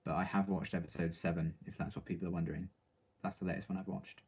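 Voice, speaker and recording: A man's voice: low-pitched, little pitch movement, quick pace, a little mellow, slightly rough. A man reading out viewer questions and answering them in casual, rambling live-stream chat, full of ums and likes.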